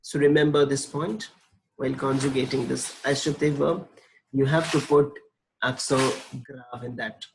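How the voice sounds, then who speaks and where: Against a noisy background, a man with a medium-pitched, steady, creaky voice gives a slide-based French conjugation lesson. He goes slowly and patiently, repeating forms and spelling out the letters.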